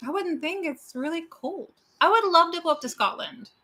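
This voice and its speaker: A woman from Pasadena co-hosting a casual horror livestream, chatty and quick to laugh. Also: very high-pitched, bright, forceful tone. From Pasadena, California. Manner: chatty, laughs easily, announces plans. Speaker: co-host of a horror watch-party livestream.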